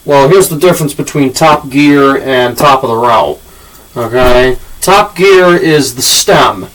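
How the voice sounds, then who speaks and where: A man's voice: mid-range voice, fairly bright tone. A man hosting a casual football analysis, blunt and profane, talking like a coach explaining routes. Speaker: channel host analyzing draft picks. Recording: voice from a distance off the mic.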